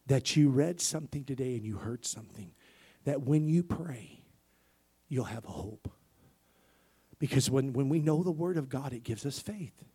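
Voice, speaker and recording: A male pastor delivers a sermon with a husky, breathy voice at an average pitch. He swings from loud emphatic bursts to soft near-whispers, calling for amens along the way.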